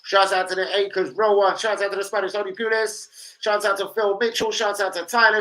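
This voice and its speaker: A man chatting casually on a football live stream, swearing freely and breaking into loud, excited shouts. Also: sits high, fairly quick, few pauses, poor audio.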